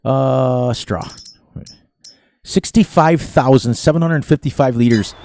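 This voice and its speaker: A man's voice: medium pitch, takes it slowly, darkish tone. A man in his sixties from the eastern United States, chatting casually and rambling while playing a farming game, often laughing at his own jokes. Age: 60s. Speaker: gaming streamer. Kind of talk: casual gameplay commentary.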